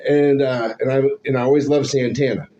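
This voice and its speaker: A middle-aged man telling stories from his life in a casual interview, animated and laughing often, acting out the voices of people he quotes. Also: mid-range voice, brisk, crowd noise. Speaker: musician guest. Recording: slightly dull, faint hum.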